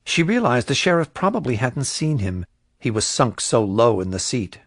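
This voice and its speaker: A man narrating a crime thriller audiobook in a measured, even storytelling voice. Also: mid-range voice, no echo, studio quality. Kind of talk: scripted narration.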